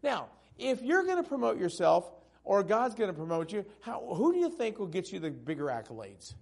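A male pastor preaching a sermon, swinging from loud, emphatic peaks down to hushed, tender passages. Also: sits high, huge pitch swings, fairly quick, gravelly, breathy edge.

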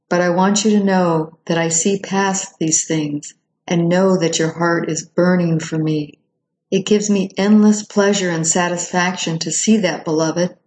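Woman reading a loving male divine voice, tender and reassuring, slightly low, unhurried devotional delivery. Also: darkish tone, reverberant, close to an everyday voice.

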